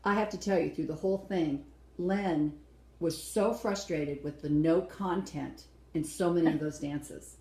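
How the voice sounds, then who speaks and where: A woman's voice: deep voice, measured pace, dark tone, echoey room, poor audio. A woman co-hosting a casual dance-show review, blunt and opinionated, acting out quotes as she talks.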